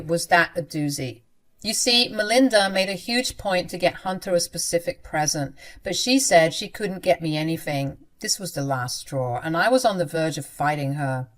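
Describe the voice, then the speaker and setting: A woman tells a first-person story in an expressive, dramatic storytelling style. Her voice sits at a medium pitch. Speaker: narrator.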